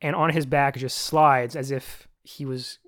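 A man co-hosting a casual podcast, retelling a film's scenes in a rambling, animated way and acting out bits of dialogue. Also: medium pitch, a little slow, dry recording, clean studio sound. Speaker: podcast co-host. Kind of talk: casual movie recap chat.

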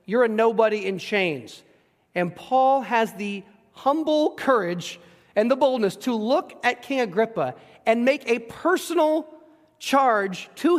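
High-voiced preacher in a reverberant hall. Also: male voice. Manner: animated, acts out quoted voices, emphatic rhetorical questions. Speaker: pastor. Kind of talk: expository sermon.

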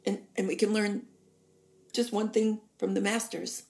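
Gravelly-voiced woman with a chatty comic monologue. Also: medium pitch, level tone, unhurried, a little mellow. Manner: chatty, emphatic, rambling. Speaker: host.

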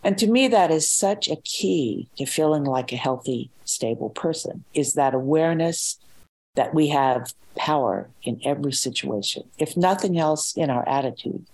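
A woman's voice: deep voice, lively intonation, moderate pace, a little mellow, rough recording. An older woman, an author being interviewed, talking in a thoughtful, reflective way and repeating words as she gathers her thoughts. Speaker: author and guest.

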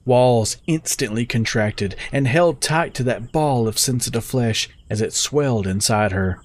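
Give me a man with a middle-pitched voice narrating a first-person story in a steady, measured way.

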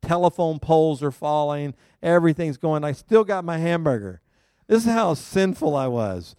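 A male pastor preaching a sermon to a congregation, telling a personal story in an animated, self-mocking way and laughing often. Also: on the high side, moderate pace, clean tone, dry recording, clean studio sound. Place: church service before a live congregation.

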